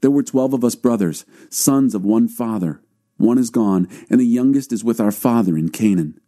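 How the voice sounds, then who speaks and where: A man's voice: mid-range voice, normal speed, warm tone, lightly acted. A man reading the anxious, defensive words of a group of grown brothers. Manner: worried, defensive.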